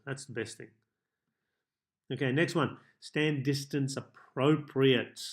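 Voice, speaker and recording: Man, life coach, self-help tips, calm, measured, deliberate pauses, average pitch.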